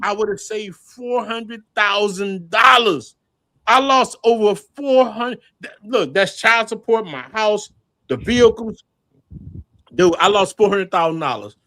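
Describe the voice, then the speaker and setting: A middle-aged man with a notably high voice, talking in a casual livestream. He tells his stories with animated energy, laughs a lot and swears freely. The sound is close and dry, with no room in it. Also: measured pace, dry recording. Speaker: channel host.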